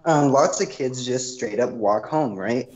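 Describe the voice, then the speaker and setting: A man's voice: mid-range voice, measured pace, lo-fi sound. Rambling young man telling a story. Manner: rambling storyteller, leans on "freaking". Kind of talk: casual chat.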